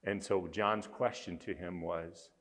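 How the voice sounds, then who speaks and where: A man's voice: low-pitched, steady tone, unhurried, fairly bright tone, in a large hall. A man speaking as a conference speaker, earnestly telling a story with emphasis. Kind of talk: storytelling talk.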